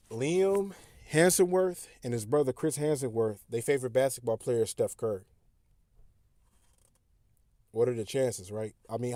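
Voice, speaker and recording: A man's voice: medium pitch, dark tone, no room sound, studio quality. A man in a casual monologue, insistent and conspiratorial, talking slangy.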